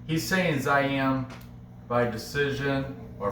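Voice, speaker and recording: A man's voice: mid-range voice, animated, unhurried, fairly bright tone. A man hosting a casual sports betting picks video, chatty and self-correcting, often breaking into laughs. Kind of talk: casual rambling commentary. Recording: roomy, from a distance, faint background noise.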